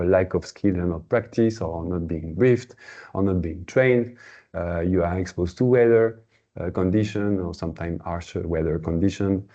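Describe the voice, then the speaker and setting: A very low-pitched man presents a webinar, his tone dark and mellow. He hesitates often, filling gaps with "uh" and restarting phrases. The audio is slightly dull and lo-fi, like a call over a computer mic. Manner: hesitant, many fillers and restarts. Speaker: webinar host.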